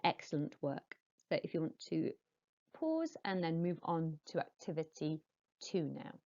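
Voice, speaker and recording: A woman teaching French to young pupils, modelling each word slowly and clearly and explaining in patient, encouraging teacher talk. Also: low-pitched, very animated, darkish tone, muffled recording. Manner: slow, clear modelling of words for pupils to repeat. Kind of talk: recorded classroom lesson.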